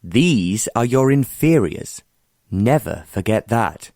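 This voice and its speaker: A man's voice: fairly low pitch, moderate pace, a little mellow, dry recording, clean studio sound, lightly acted. A man voicing a domineering, sneering rich man in a romance audiobook, harsh and emphatic.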